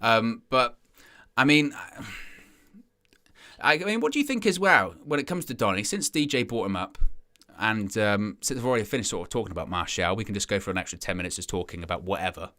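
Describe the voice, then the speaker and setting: On a football fan stream, the male host rambles through a casual chat, reads viewer comments aloud, and acts out imagined fans. His voice is on the low side, expressive and sharp, moving fairly quickly.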